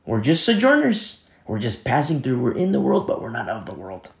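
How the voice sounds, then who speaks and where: A man preaching a sermon as pastor, earnest and repetitive, often dropping to a soft hush. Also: mid-range voice, huge pitch swings, moderate pace, vocal fry, roomy sound.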